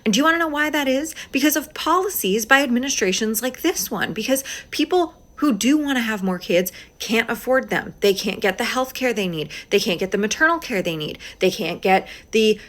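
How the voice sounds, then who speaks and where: A woman's voice: a little high, expressive, brisk, hardly any pauses, a bit bright. A young woman giving fired-up commentary on clips she plays. Her delivery is indignant and sarcastic, often breaking into exasperated outbursts. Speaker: political commentator.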